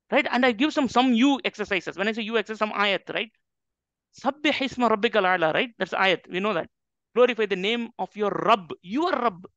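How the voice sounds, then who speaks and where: A man's voice: very high voice, sharp tone, dry recording. A man teaching on the Quran, emphatic and full of rhetorical questions to his audience. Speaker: Islamic teacher. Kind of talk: lecture on the Quran. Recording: dull lo-fi dry recording.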